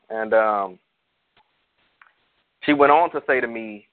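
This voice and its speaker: A man's voice: lowish voice, slow pace, pauses often. A man, a pastor, hosting a call-in show in a heartfelt, rambling way. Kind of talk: casual call-in talk. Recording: tinny phone-line sound.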